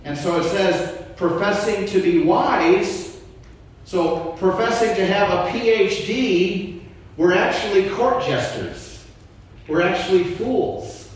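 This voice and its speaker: A man's voice: high voice, slow pace. A man preaching a sermon as a pastor, his voice rising and falling with emphasis. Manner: animated preaching, voice rising and dropping. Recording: echoey church hall, mic far off.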